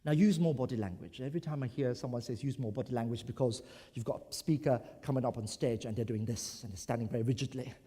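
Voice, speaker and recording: A man from Brunei giving an animated conference talk, acting out examples as he goes. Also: mid-range voice, fast, breathy edge. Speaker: conference speaker. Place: large conference hall. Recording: echoey conference hall.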